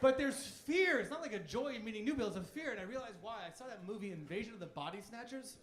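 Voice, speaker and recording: Thirties male comic, high-pitched, provocative stand-up delivery, roomy club sound. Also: expressive, fast, a bit bright, some chatter behind. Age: 30s. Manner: cocky, provocative, crude. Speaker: stand-up comedian. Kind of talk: stand-up routine. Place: comedy club stage. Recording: echoey club room.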